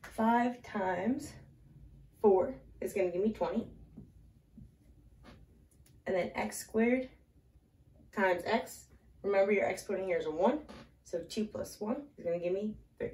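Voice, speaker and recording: A woman's voice: medium pitch, measured pace, long pauses, a little mellow, distant mic. Slightly breathless woman teaching math, echoey room. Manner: talks through steps aloud, chatting to a small child she holds. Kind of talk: casual math lesson at a whiteboard.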